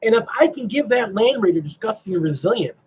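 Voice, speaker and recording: A man hosting a casual livestream chat, animated and asking himself rhetorical questions. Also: high-pitched, fast talker, slightly rough, dull audio. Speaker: stream host.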